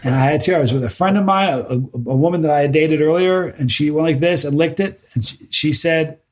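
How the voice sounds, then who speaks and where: A middle-aged man sits in as a podcast guest, talking through his stories in a lively, animated way. His voice sits on the high side for a man. He often trips over his own words and repeats them as he hurries on. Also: brisk. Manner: animated storyteller, repeats words when excited. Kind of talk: casual podcast chat.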